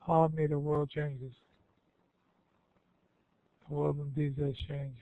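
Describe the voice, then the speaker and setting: A man's voice: fairly high pitch, flat delivery, takes it slowly. An older man giving an informal, rambling question-and-answer talk to students, folksy and often correcting himself. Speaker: guest speaker. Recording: tinny phone-like line.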